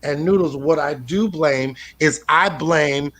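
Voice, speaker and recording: A man's voice: on the high side, slow. Rambling man doing profane stand-up. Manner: rambling, profane, with restarts and deadpan absurd asides. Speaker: comedian. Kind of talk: stand-up comedy set.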